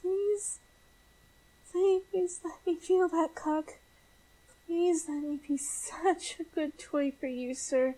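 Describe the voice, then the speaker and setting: A woman playing a high, breathy, pleading elf. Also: steady tone, takes it slowly, warm tone, poor audio.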